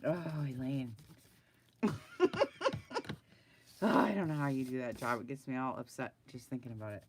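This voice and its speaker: A woman's voice: a bass voice, normal speed, slight background noise. A middle-aged woman chatting bluntly and animatedly with live viewers from her desk while she draws, laughing often. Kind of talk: casual chat while drawing. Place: at a desk indoors.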